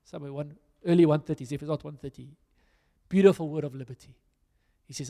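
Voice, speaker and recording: A man's voice: a little high, quick pace, vocal fry, warm tone. A man with a South African accent preaching a conversational, storytelling sermon with self-deprecating asides. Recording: reverberant hall.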